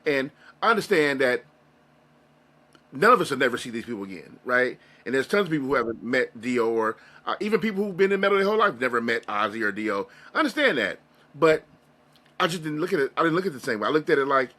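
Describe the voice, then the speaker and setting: A man's voice: mid-range voice, animated, brisk, sharp tone. A man being interviewed, telling a personal story in an earnest, rambling, emotional way with frequent restarts. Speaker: interview guest, music reaction creator. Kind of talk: casual interview conversation.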